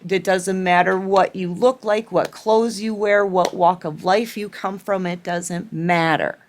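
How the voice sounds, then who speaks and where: A woman's voice: fairly low pitch, fairly even intonation, unhurried, a little hiss or hum. A woman tarot reader giving an earnest spiritual pep talk to her viewers, repeating herself and checking in with "okay?".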